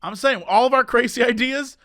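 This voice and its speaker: High, bright-voiced ranting man. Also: fairly quick, no echo, studio quality. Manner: animated ranting storyteller. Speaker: podcast co-host. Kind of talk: casual chat.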